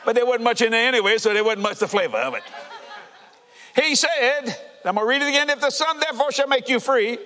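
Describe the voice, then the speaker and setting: A man preaching a fervent sermon to a congregation, shouting and laughing as he goes. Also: extremely high pitch, animated, fast talker. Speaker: pastor. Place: church sanctuary. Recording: reverberant church hall.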